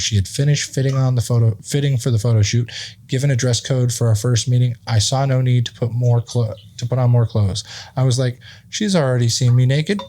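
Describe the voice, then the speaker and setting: Man reading an article aloud, halting. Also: mid-range voice, dark tone. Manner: reads haltingly with restarts and asides. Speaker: podcast host.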